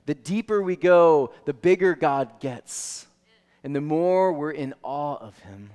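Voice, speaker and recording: A male pastor preaching a sermon, animated storytelling that swings from soft to loud. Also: a little high, takes it slowly, clean tone. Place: church sanctuary. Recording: long reverb of a church hall.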